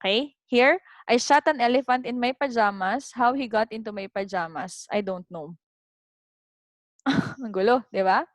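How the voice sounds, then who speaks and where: A woman's voice: on the high side, moderate pace, no room sound. A woman with a Filipino accent teaching an online philosophy class, switching between English and Tagalog in a chatty way and often checking in with "okay?".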